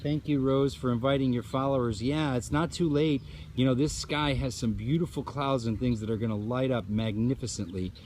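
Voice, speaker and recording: A man's voice: medium pitch, steady tone, normal speed, few pauses, darkish tone. An enthusiastic man hosts a casual live stream, gushing about the view and greeting viewers one after another. His voice sits in an ordinary middle range. He is recorded outdoors on a phone, with a faint hiss of open air behind him. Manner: upbeat, effusive, reads out viewer comments. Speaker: livestream host. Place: outdoors at a nature preserve at sunset.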